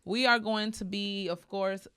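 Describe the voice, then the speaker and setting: A woman's voice: mid-range voice, steady tone, measured pace, bright, forceful tone, smooth, no echo. A woman in her thirties hosting a casual talk show, bubbly and chatty, calling her guest "girl". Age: 30s. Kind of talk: casual chat.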